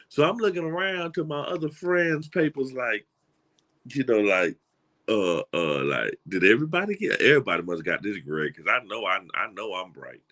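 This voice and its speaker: A middle-aged man with a Southern US accent gives a motivational talk in an animated, folksy storytelling style, often restarting and repeating words. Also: lowish voice, normal speed. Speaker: motivational speaker.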